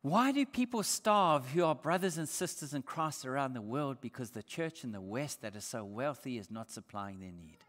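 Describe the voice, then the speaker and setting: With few pauses and a moderate pace, this man's medium-pitched, slightly bright voice moves through lively intonation. He's an Australian pastor delivering an earnest, emphatic sermon, throwing rhetorical questions at the congregation. The church sanctuary adds a long hall reverb.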